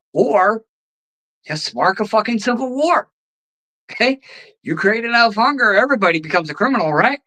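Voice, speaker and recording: A host tears into politics in a bright, cutting voice, swearing freely and throwing out sarcastic rhetorical questions. The delivery is a heated, one-sided rant. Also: medium pitch, low-quality recording. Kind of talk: ranting political commentary.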